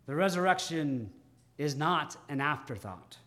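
A man preaching as pastor speaks in a fairly high voice with lively intonation. His delivery is measured and dramatic, full of pauses, swinging from emphatic to soft.

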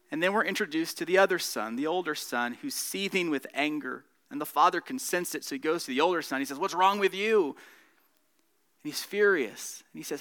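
A man preaching a sermon, earnest, rising in emphasis and dropping soft at the close of points. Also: fairly high pitch. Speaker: pastor.

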